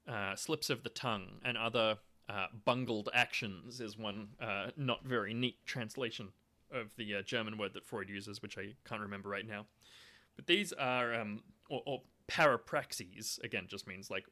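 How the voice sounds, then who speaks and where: A man's voice: lowish voice, pushed and bright. A young man giving a casual, self-made explainer talk, hesitant and full of restarts. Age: young adult. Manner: hesitant, lots of ums and restarts. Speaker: video lecturer on theory.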